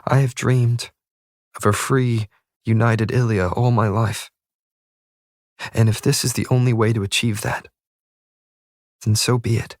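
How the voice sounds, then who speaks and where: A man voicing a resolute young woman who makes earnest, measured declarations in an audiobook. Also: medium pitch, level tone, no echo, studio quality, lightly acted.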